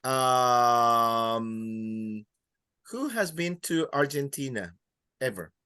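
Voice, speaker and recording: Slow, patient male teacher. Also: mid-range voice, animated, sharp tone, clear, resonant tone, dry recording. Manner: patient, repeats words slowly for students. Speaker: Spanish teacher. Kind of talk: classroom teaching.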